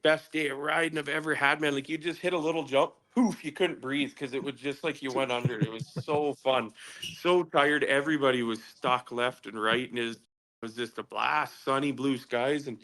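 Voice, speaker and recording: A man from British Columbia sits in as a podcast guest and spins a story in loose, cussing chat. His telling is animated: he mimics sounds and acts out what people said. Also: mid-range voice, normal speed. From British Columbia, Canada. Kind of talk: casual storytelling.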